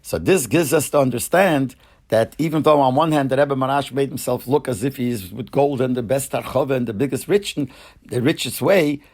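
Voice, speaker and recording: An older man, a rabbi, retelling a Hasidic story in an unhurried way, often searching for words and restarting phrases. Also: medium pitch, a little mellow. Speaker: rabbi sharing memories.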